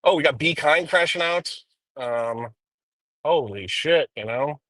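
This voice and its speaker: Man, bright tone, dry sound, profane rambling stream talk, in a car. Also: fairly high pitch, animated, a little slow, dry recording, low-quality recording. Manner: rambling and profane, with frequent ums. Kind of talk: casual live-stream commentary while driving. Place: inside a car.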